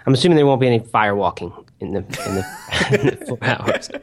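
A man's voice: medium pitch, expressive, quick pace. Male co-host, easygoing chatter, laughs often, trips over his words. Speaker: podcast co-host. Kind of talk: casual chat. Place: conference in Texas.

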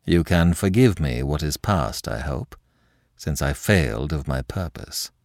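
A man as a wry, gravelly-voiced young Frenchman. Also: extremely low pitch, very animated, no room sound, studio quality, full character voice. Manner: measured, wry.

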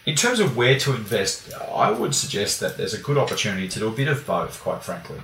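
An Australian man speaks quickly as a guest, scattering fillers through a brisk explanation. His voice sits low. The sound is roomy and a bit distant from the mic, with faint noise underneath. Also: lively intonation, a bit bright. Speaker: guest analyst. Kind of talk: conversational explanation.

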